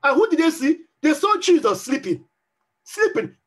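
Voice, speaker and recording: Male pastor, emphatic sermon delivery, high and animated, repeats lines for effect. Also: normal speed. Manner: emphatic preaching, repeats phrases, acts out pleading prayers.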